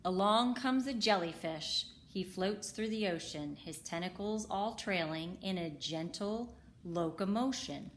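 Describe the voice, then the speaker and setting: A woman reading a children's picture book aloud in a slow, rhythmic way. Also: mid-range voice, expressive. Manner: slow, rhythmic rhyming delivery. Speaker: storybook reader.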